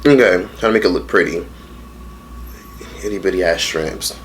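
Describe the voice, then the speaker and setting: A man's voice: low voice, normal speed, a little hiss or hum. Blunt, profane young male vlogger. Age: late teens. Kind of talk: casual mukbang storytelling.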